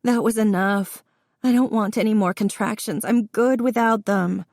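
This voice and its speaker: A woman voicing a young pregnant woman in labor, high and pleading. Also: level tone, slow, a little mellow, no room sound, studio quality, close to an everyday voice. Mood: pained.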